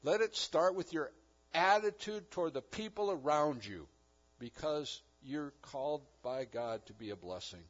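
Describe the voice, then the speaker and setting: A man's voice: on the high side, expressive, unhurried. A man preaching a sermon as pastor, earnest, with rising and falling emphasis. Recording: dull lo-fi recording.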